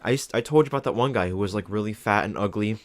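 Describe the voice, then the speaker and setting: A man's voice: lowish voice, rapid-fire, no echo. A young man co-hosting a casual podcast chat, rambling through stories, swearing freely and acting out the people he quotes. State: ice in mouth. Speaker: podcast co-host.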